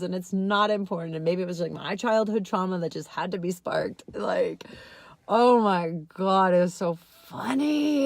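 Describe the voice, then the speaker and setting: A woman's voice: dry recording, clean studio sound. A young woman telling a personal story in a casual vlog, laughing often and filling her talk with "like". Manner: giggly, says "like" constantly, swings high when excited. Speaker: vlogger.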